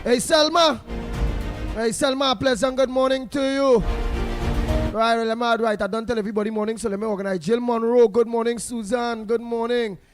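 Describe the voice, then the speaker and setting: A man's voice: very high-pitched, steady tone, a little fast, over music. A man with a Trinidadian accent hosting a talk show, chatting in creole phrasing and rattling off listeners' names to greet them. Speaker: radio talk show host. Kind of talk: casual on-air chat greeting listeners.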